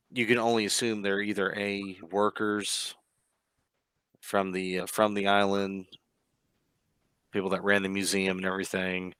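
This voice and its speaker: A man running a tabletop game as game master, narrating scenes in a relaxed, descriptive way with some hesitations. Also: deep voice, no echo.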